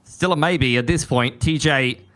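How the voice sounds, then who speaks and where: A man giving measured, analytical color commentary on an esports match. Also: mid-range voice, a bit bright.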